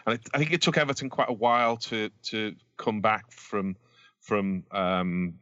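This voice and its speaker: A podcast co-host and Everton fan chats casually about old football matches, rambling and hesitant, with many fillers and restarts as he hunts for words. His lowish voice is steady and sharp at a moderate pace. The lo-fi recording has no echo.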